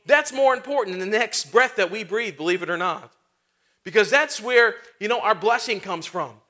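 A man preaching with a high, bright voice that rings out clearly. He keeps things conversational, tossing in rhetorical questions and casual asides between points. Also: moderate pace. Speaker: pastor. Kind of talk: sermon.

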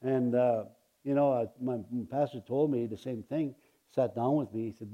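A man preaching a sermon to his congregation, swinging between loud exclaiming and low confiding asides, with stammering restarts and chuckles. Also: steady tone, moderate pace, muffled recording.

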